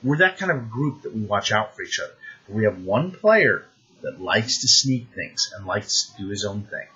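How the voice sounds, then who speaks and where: Brief: male game master with a raspy, bright voice, chatty and animated, on a dull lo-fi recording. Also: lowish voice, normal speed. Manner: animated, conversational, many restarts. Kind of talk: advice talk to the camera.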